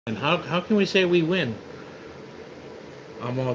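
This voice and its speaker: A man's voice: fairly high pitch, animated, unhurried, background noise. A man live streaming from outside his house, rambling in casual chat, repeating words and swearing when he gets riled up. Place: outdoors near his house.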